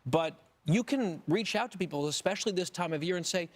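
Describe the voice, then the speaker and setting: A man's voice: high voice, brisk. A man co-hosting a morning talk show, dropping wry quips. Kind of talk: casual chat.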